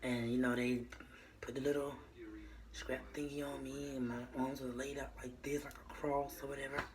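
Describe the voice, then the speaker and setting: A woman's voice: very deep voice, level tone, normal speed, crowd noise, poor audio. A young woman telling her viewers a personal story in a casual, meandering way, full of fillers and restarts. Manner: addresses viewers as y'all.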